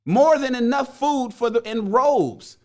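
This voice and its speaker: A man's voice: very high voice, animated, measured pace, pitched above the performer's own voice, full character voice. A man voicing a frustrated working-class chariot builder, retelling a parable in profane street slang. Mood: exasperated.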